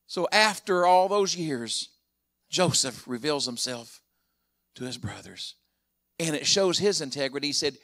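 A pastor in mid-sermon retells an old story in plain, conversational words, slipping into the voices of the people in it. His voice sits a little high and rings bright and forceful, rising loud and higher when he hits his main point. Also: lively intonation, measured pace. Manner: storytelling retelling of scripture, acting out quotes.

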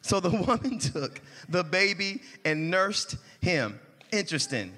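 A pastor's high, pushed, bright voice swings widely in pitch as he preaches a little slowly. He draws answers from the congregation in call-and-response and keeps raising the intensity, all within long church reverb.

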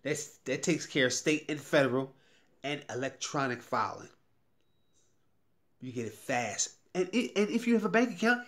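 A man giving an emotional, repetitive sales pitch straight to the viewer, pleading and getting heated. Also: expressive, unhurried, a bit bright, faint music behind. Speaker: YouTuber promoting a tax service. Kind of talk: direct-to-camera sales pitch.

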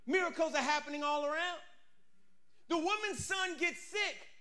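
High, bright-voiced energetic preacher. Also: male voice, normal speed. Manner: energetic, humorous, bursts into shouting. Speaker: pastor. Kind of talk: lively storytelling sermon.

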